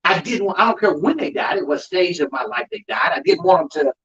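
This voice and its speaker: An undertaker gives an emphatic, preaching-style talk on grief, telling animated stories and calling the crowd "y'all." His voice is high and fairly quick with a breathy edge, captured in a dull lo-fi live recording.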